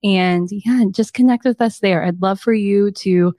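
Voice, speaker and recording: A woman's voice: mid-range voice, unhurried, mellow, no room sound, clean studio sound. A young woman guest chatting casually in an interview, telling stories in a bubbly way and laughing often. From southern United States. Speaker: guest, coaching company executive.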